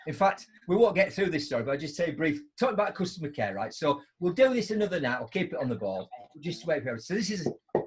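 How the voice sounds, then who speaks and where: A middle-aged man hosts a live online show, telling anecdotes in a chatty, animated way and acting out both sides of them. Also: a little high, fast, slight background noise. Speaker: host.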